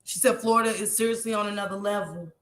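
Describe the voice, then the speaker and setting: A woman's voice: medium pitch, fairly even intonation, quick pace, a bit bright, echoey room. A woman vlogger talking to her viewers in an impassioned, tearful way and reading out their chat comments. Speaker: YouTube vlogger. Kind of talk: emotional livestream talk to viewers.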